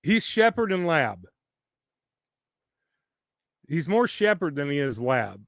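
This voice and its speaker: A man's voice: fairly high pitch, very animated, takes it slowly, no room sound, studio quality. A man hosting a casual chat, rambling with lots of fillers and teasing his dog in a playful sing-song voice. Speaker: livestream host.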